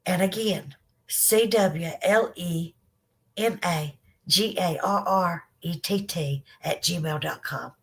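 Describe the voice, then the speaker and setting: A woman's voice: fairly low pitch, slow, a bit bright. A Southern woman hosting a live podcast, chatting affectionately and emotionally with viewers after she has been crying. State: teary from crying. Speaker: livestream podcast host. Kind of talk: casual chat to live viewers.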